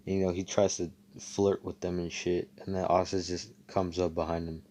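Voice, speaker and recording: A man with a deep, mellow voice tells a fan story in a loose, rambling way. He swears freely and leans on fillers. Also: flat delivery, moderate pace. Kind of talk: casual fan story retelling.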